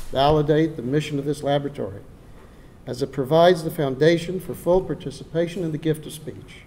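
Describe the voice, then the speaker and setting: Standing at a podium in a ceremony hall, an older donor with a Texan drawl reads a heartfelt dedication speech from prepared remarks. His voice is a little high for a man but mellow and warm, and he sometimes repeats a word or restarts before continuing. Faint noise lingers in the background.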